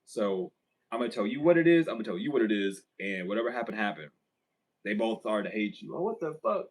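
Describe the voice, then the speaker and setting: A man's voice: lowish voice, fast, husky, poor audio. A young man vlogging a casual story. He rambles, swears freely and laughs often as he talks.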